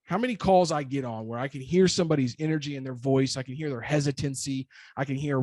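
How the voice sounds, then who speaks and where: A man's voice: medium pitch, fast, few pauses, darkish tone, dry recording. A man, a real estate broker, giving emphatic motivational advice in short, punchy, repeated phrases. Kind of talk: energetic motivational talk.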